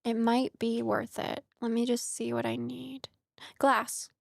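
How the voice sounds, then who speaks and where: A woman's voice: a little high, flat delivery, a little slow, gravelly, no echo. A young woman streaming a game, chatting casually with rambling asides and frequent laughter. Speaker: streamer playing a farming game. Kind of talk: casual let's-play chat.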